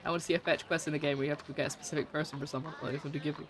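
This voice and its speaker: Against a noisy background, a woman with a low, steady voice talks rapid-fire while streaming a game. Her casual let's-play chatter is giggly and self-deprecating.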